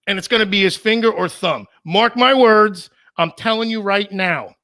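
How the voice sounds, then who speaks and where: Male co-host, high and bright, rambling, teasing, animated casual chat. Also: normal speed. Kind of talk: casual live-stream chat.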